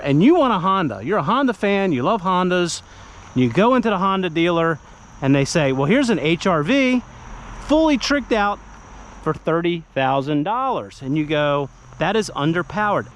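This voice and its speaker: A man hosting a casual car review, talking conversationally as he walks around and sits in the vehicle. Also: high voice. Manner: conversational, animated, acts out buyer dialogue.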